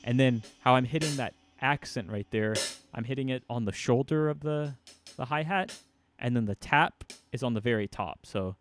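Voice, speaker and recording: A man's voice: mid-range voice, moderate pace, over music. A man giving a casual drum lesson, explaining hits and counting beats aloud. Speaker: drum teacher. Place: room with a drum kit. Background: drums played between talk.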